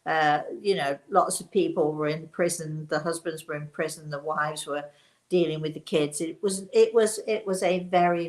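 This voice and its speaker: An older English woman with a softened accent from the English Midlands, telling a story from her own life. Her voice sits a little low for a woman. She talks in a chatty, rambling way, full of fillers and restarts. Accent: softened English, not strongly local. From Leicester, England. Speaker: spiritual medium host. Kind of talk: casual storytelling.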